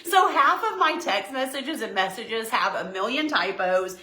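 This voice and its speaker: A woman's voice: a little high, expressive, moderate pace, pushed and bright. A woman hosting a live craft show, chatting and laughing as she works. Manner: chatty, laughs often, says y'all. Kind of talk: casual live craft chat. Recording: echoey room.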